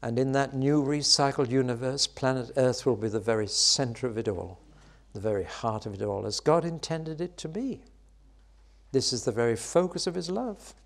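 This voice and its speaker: A man preaching a sermon, expressive, building to loud, high exclamations and dropping back to soft, quiet lines. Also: moderate pace, gravelly.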